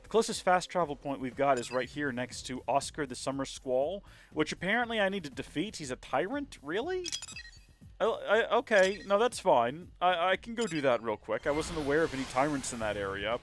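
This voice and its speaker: A male game streamer who rambles through casual commentary, joking at his own expense. His pitch sits slightly high and bounces around a lot. Faint music plays behind him. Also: sing-song, fairly quick. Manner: rambling, jokey and self-mocking. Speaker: let's play streamer.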